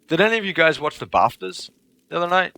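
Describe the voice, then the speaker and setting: A man's voice: a little high, animated, fast talker, sharp tone. A man livestreaming a game, chatting casually to his viewers in a profane, rambling way. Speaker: livestreaming gamer. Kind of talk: casual chat while playing a game.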